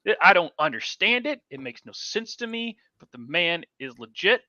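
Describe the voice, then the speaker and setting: Bright-voiced man rambling about football. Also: high-pitched, very animated, moderate pace, no echo. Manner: rambling, self-correcting, trails off quietly. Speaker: fantasy football podcast co-host. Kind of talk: casual sports chat. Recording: dull, dry lo-fi mic.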